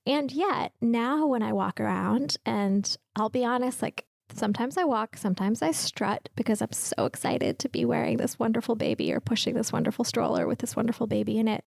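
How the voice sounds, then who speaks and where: A woman's voice: on the high side, expressive, normal speed, creaky, few pauses, a little mellow, no echo. A woman in her thirties hosting a podcast, sharing a personal reflection in a candid, heartfelt way. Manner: emotional, tearful at times, candid. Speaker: podcast host.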